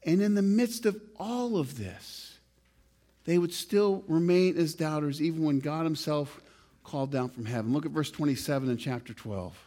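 A man's voice: moderate pace, mellow. A male pastor preaching a sermon, reading scripture aloud, with his voice rising and falling for emphasis. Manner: reads scripture aloud, rises and falls in pitch and volume for emphasis.

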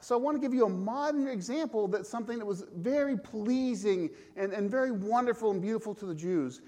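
A man's voice: high-pitched, brisk, darkish tone. A man preaching a casual, conversational sermon to a congregation, asking rhetorical questions and slipping in small jokes. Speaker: pastor.

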